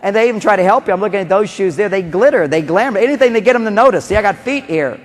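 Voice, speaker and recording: A man giving a conference talk on relationships, animated, acting out quotes and repeating key phrases. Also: sits high, very fast. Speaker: relationship seminar speaker. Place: large conference hall. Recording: long reverb of a conference hall.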